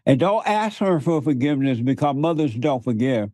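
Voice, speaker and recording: A man's voice: mid-range voice, lively intonation, moderate pace, few pauses, warm tone, dry recording. A male guest who talks like a preacher, hammering points home by repeating words and laughing often between them. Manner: emphatic, repeats words for force. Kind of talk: preaching in conversation.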